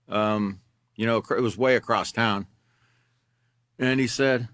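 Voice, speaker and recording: A man's voice: mid-range voice, fairly even intonation, measured pace, pauses often, sharp tone, no echo, clean studio sound. A middle-aged man teaching a character education class, telling a candid personal story in a conversational way. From Alaska.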